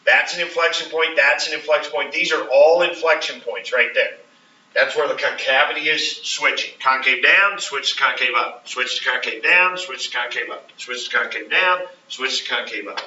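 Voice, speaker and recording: A man's voice: medium pitch, moderate pace, sharp tone. A man teaching calculus in a classroom, asking questions and checking in with students as he explains. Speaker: math teacher. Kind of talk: classroom lecture. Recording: roomy, distant, dull classroom recording.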